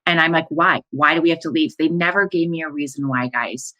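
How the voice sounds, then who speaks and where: A woman with a low, deep speaking voice tells her own story as a podcast monologue. She speaks in an emotional, breathless way, acting out her own and her family's words as she goes. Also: a little fast, pushed and bright, rough recording. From American Midwest. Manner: emotional, breathless retelling with quoted dialogue. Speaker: life coach and podcast host.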